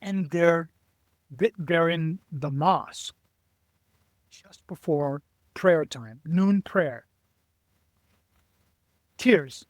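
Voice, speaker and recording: Slow-spoken man telling travel stories. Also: on the high side, no room sound. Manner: animated storyteller who acts out quoted voices, halting restarts. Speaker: guest, adventurer and author. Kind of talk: casual storytelling interview.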